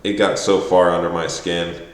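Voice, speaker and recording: A man's voice: low-pitched, little pitch movement, normal speed. A man rambling through a profane, exasperated rant to camera, often mimicking other people's voices. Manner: quotes others in mocking voices. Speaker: vlogger. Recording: echoey room.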